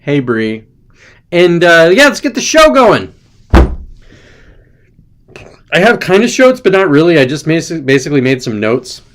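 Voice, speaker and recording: A man's voice: a little high, big pitch swings, moderate pace, a bit bright. A young adult man hosting a casual chat show, rambling and irreverent, joking loosely, sounding tired. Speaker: host.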